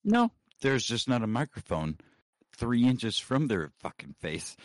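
Crude rambling lively podcast host, man. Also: medium pitch, a little slow, no room sound. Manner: crude, rambling, self-mocking. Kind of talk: casual podcast banter. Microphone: close mic.

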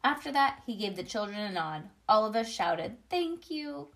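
A woman reads a children's chapter book aloud. Her delivery is lively and expressive, with the odd small slip. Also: medium pitch, moderate pace.

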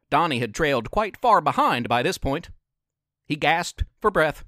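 A man reading a children's adventure story aloud as narrator, slow and expressive. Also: on the high side, dry recording, studio quality. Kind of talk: scripted narration.

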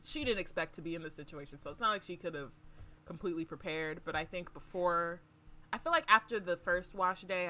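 A woman with a lowish voice talks through a book in a relaxed podcast chat. She recaps plot points loosely, peppering her speech with "um" and "like" and breaking into laughter. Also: brisk. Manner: recaps chapters with frequent fillers and laughs. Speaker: podcast co-host. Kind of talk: casual book discussion.

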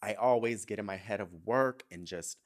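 A man's voice: lowish voice, moderate pace. A young man hosting a podcast, talking candidly and emotionally in a casual chat, swearing freely. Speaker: podcast host.

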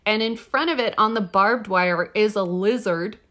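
A woman guest expert in casual podcast chat, excitable and quick to laugh and exclaim. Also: mid-range voice.

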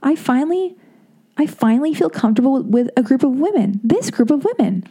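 A woman's voice: high voice, a little fast, husky. A woman in her thirties talking in a casual, rambling monologue, stuttering and restarting as she gets worked up. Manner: rambling, animated, self-interrupting with restarts and stutters; quotes others in acted voices.

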